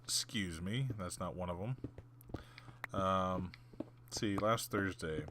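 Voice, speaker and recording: A man's voice: deep voice, slow pace, bright, forceful tone, a little hiss or hum. A man hosting a gaming channel, telling a long story in a rambling way with many fillers and restarts, and muttering the odd whispered aside. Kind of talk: casual storytelling over gameplay.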